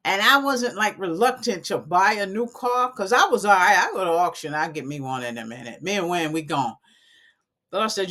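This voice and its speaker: A woman's voice: lowish voice, lively intonation, normal speed, fairly bright tone. A woman, talking casually and animatedly to her viewers on a live stream from home, calling them y'all. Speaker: coding academy owner.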